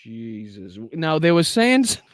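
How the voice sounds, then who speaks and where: A man's voice: a little high, wildly swooping pitch, unhurried, no echo. Man, livestream host, mocking commentary, frequent laughter, swearing, dry close sound. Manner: mocking, profane, laughs often. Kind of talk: live commentary reacting to clips.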